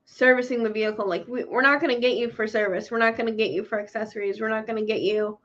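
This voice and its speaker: Female co-host, high voice, dull lo-fi line, quick chatty filler-heavy talk. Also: steady tone, fairly bright tone. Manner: quick, chatty, says "like" a lot. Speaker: show co-host. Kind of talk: casual chat. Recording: dull lo-fi stream audio.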